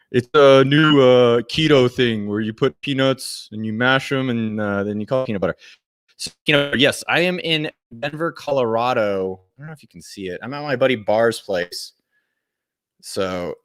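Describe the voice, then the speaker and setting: A man's voice: mid-range voice, no room sound, studio quality. Joking, foul-mouthed man hosting a livestream. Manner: energetic, joking, swears freely, greets viewers by name. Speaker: host of live office hours. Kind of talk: casual livestream chat. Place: friend's home indoors.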